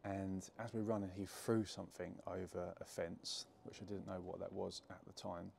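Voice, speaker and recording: A man's voice: deep voice, flat delivery, moderate pace, gravelly, darkish tone, slight background noise. A young man telling a personal story to camera in a casual, chatty way, full of fillers and restarts. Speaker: jiu-jitsu gym owner telling a story.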